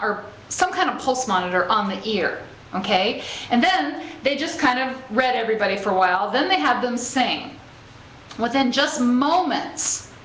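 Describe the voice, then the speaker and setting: In a somewhat high, slightly bright voice, a woman leads an inspirational spiritual talk before a live audience, checking on listeners with "okay?" and "right?" as she goes. She laughs easily while sharing stories. The recording has an echoey quality and faint ambient noise.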